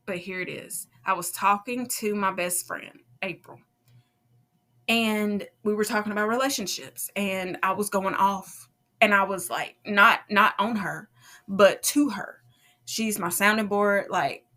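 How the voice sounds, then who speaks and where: A woman hosting a podcast, casually and animatedly telling her own faith testimony. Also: mid-range voice. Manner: animated, acts out quoted voices, laughs often. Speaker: podcast host.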